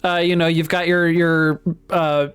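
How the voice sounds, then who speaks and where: A man co-hosts a casual book-discussion podcast, reading passages and reacting as he goes. He talks hesitantly, with frequent ums and small laughs. His voice comes through clear and smooth over faint music. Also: fairly high pitch, flat delivery, measured pace, a bit bright. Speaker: podcast co-host.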